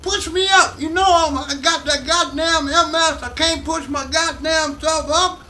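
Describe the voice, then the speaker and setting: A man's voice: very high-pitched, measured pace, recorded from a distance, voice pushed up, full character voice. A man doing a crude old comic bellowing from the back. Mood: shouting, crude. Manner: profane, shouting, raspy strain. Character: crude older male comedian yelling from the back. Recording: echoey room, off-mic.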